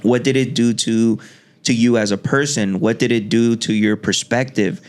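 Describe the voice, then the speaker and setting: A man's voice: medium pitch, steady tone. A man hosting a podcast, talking reflectively in a casual conversation with many restarts. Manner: reflective, talks in halting restarts. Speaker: podcast host.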